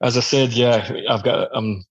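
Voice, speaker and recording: Man, middle-aged, Glaswegian-Edinburgh accent, interview guest, hesitant relaxed chat, dry sound. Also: mid-range voice, a little slow, husky, no room sound, dull audio. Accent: Glaswegian mixed with Edinburgh Scottish. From Glasgow, Scotland. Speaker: guest, company CEO.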